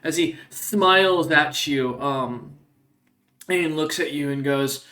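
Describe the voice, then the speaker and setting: A male game master narrating a tabletop session in a halting way, full of ums and uhs. His voice sits somewhat high for a man. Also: sharp tone.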